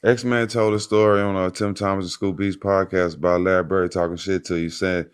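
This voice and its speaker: A man hosting a podcast, putting relaxed questions to his guest. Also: low voice, brisk, smooth. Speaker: podcast host. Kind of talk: casual interview questions.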